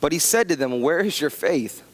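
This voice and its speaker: A man's voice: a little high, lively intonation, normal speed. A man in his thirties preaching a casual sermon, joking about his family and rambling into asides. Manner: chatty and self-deprecating, many restarts and asides. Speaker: pastor. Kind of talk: conversational sermon with personal stories. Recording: long reverb of a church hall.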